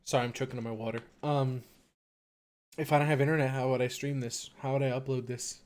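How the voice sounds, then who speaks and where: A young man talks into a desk mic at home, thinking out loud in a loose, rambling monologue. His voice sits at an ordinary pitch with a dark, mellow tone, and his sentences wander and restart as he muses. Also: level tone, fast talker. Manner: rambling, hesitant, filler-heavy, musing aloud. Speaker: late-night radio-style stream host.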